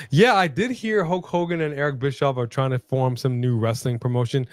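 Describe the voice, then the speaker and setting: Animated man chatting on a live stream. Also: medium pitch, fairly quick, few pauses, no room sound. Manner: animated, shouts at the screen. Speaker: co-host. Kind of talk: casual live-stream chat.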